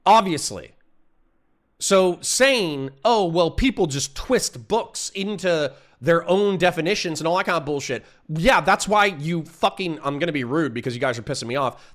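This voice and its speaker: A young man from Florida talks a bit higher than most men. He rants at his live chat, swearing freely and arguing hard. He keeps cutting himself off and apologizing before charging back in. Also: expressive, a bit bright. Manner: profane, combative, addresses chat directly; quick self-interruptions and apologies. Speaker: streamer. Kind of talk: heated livestream rant.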